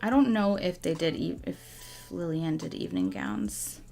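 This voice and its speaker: A young woman chatting casually while she draws on a livestream, musing softly and now and then gushing thanks to viewers. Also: low-pitched, gravelly, soft background music. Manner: soft, musing and slow, bursting into excited gushing thanks. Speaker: artist streaming a drawing session.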